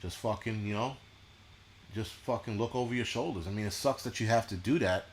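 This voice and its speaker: A man hosting a casual livestream, ranting bluntly and profanely with mocking asides and halting restarts. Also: on the low side, a little hiss or hum. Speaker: show host.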